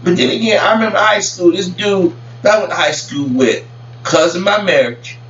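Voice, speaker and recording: Talking casually to camera about celebrity gossip, this male vlogger rambles, stumbles over words and repeats himself. He speaks high and fairly quickly, with a fairly bright tone. The audio is dull lo-fi, distant and roomy, carrying a low hum.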